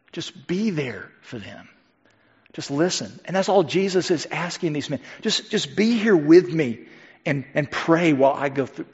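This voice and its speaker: A man in his fifties preaches in a church, his voice sitting high for a man. He acts out the words of others and swings between loud emphasis and near-whispered intimacy. The sound is dull and lo-fi, with a long reverb trailing off the hall. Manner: animated storyteller, acts out quotes, swings from loud to hushed. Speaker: pastor. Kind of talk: sermon.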